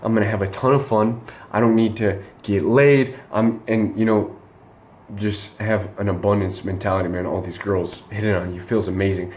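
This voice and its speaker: A man's voice: on the low side, fairly even intonation, normal speed, darkish tone, roomy sound, a little hiss or hum. A young man casually telling a night-out story and giving dating advice, rambling and slangy, full of fillers and restarts.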